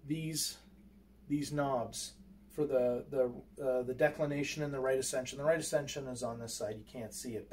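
A man's voice: mid-range voice, a little mellow. Rambling man demoing gear, distant mic. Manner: rambling, hesitant, many fillers and restarts; handling equipment while explaining. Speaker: amateur astronomer showing his gear. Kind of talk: unscripted how-to demonstration. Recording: distant mic with faint background noise.

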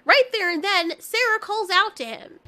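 A woman recapping an animated film in a casual, sarcastic, joking commentary. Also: very high voice, normal speed. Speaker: video reviewer.

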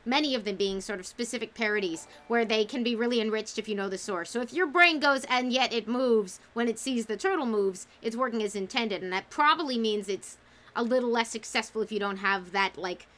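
A woman's voice: on the high side, brisk, fairly bright tone. A woman hosting a casual livestream book club, talking enthusiastically and reading out chat comments.

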